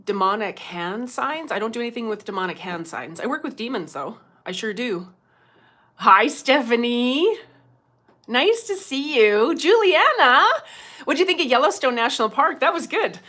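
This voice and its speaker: A middle-aged woman, hosting a casual livestream as a medium, chatty and quick to laugh, greeting viewers by name. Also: fairly high pitch, very animated, sharp tone.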